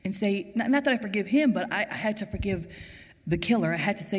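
A woman's voice: medium pitch, lively intonation, fast, breathy edge. A woman, mother of a murder victim, giving an earnest, emotional testimony on a church stage. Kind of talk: personal testimony at a church service. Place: large church auditorium. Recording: reverberant church hall.

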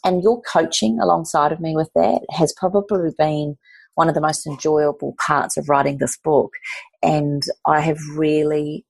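A woman in her forties with a low, gravelly, husky voice talks through her story warmly and effusively, with frequent restarts. She sounds close and dry, with no room around her. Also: steady tone, normal speed, no room sound. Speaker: author and guest. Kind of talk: casual conversational storytelling.

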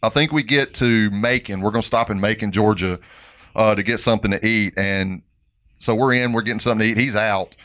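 A man's voice: fairly low pitch, a little fast, a bit bright. Stammering man telling a road story. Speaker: podcast co-host. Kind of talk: casual storytelling chat.

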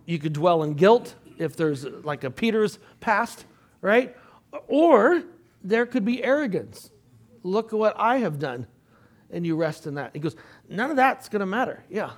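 An older man teaching a Bible class in a conversational way, clearing his throat often and turning to the class with asides. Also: sits high, expressive, a little slow.

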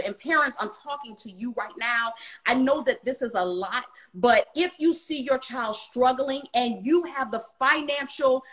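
A high-pitched woman talks directly to parents as a guest in a live interview. She is emphatic and preachy, repeating her points and addressing everyone as y'all. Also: a bit bright. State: emotional at times. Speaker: tutoring center owner, guest.

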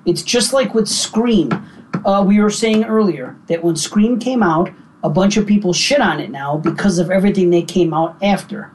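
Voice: medium pitch, normal speed, slight background noise, low-quality recording. A podcast host reflecting and telling stories in an easygoing way during casual banter.

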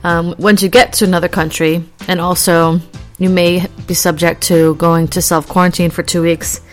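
A woman chats casually to her viewers in a rambling, easygoing way, laughing now and then. She gets animated when she acts out little everyday scenes. Faint music plays softly behind her. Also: fairly low pitch, moderate pace. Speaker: vlogger. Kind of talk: casual chat.

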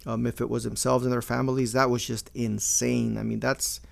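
A man's voice: mid-range voice, flat delivery, a little fast, gravelly. An older man hosting a podcast, talking casually in a blunt, profane way and mixing in Spanish slang. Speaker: podcast host. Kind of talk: casual monologue.

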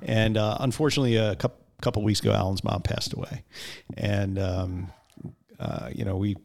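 A man co-hosts a casual podcast, rambling and padding his talk with fillers. His voice sits low and has a gravelly rasp. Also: moderate pace, background noise. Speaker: podcast co-host.

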